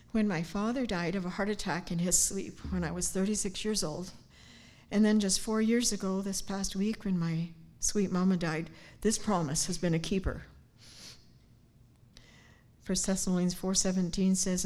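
An older woman giving a heartfelt personal devotion, earnest and sincere, sometimes dropping to a hushed near-whisper. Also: lowish voice. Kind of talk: personal devotional talk with scripture. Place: church gathering, speaking standing up.

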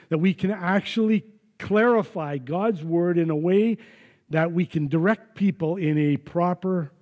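A man's voice: on the high side, darkish tone, long reverb tail, muffled recording. A man preaching a sermon as pastor, earnest and emphatic. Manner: earnest, emphatic, with some restarts. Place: church.

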